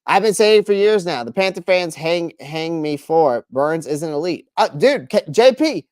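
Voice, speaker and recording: Guy doing a live stream, bit high voice, dead dry mic, keeps restarting and reading chat names. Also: expressive, moderate pace, hardly any pauses, a little mellow, dry recording. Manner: opinionated, answers chat by name, restarts a lot.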